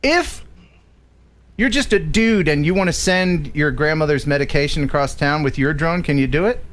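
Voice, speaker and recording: A man co-hosting a live drone show, joking playfully with big swings in pitch. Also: normal speed, fairly bright tone. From USA. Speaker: co-host. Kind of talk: casual live-stream chat.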